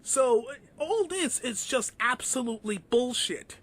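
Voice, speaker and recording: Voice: mid-range voice, measured pace, a bit bright. A vlogger giving an indignant, ranting commentary, full of fillers and swearing.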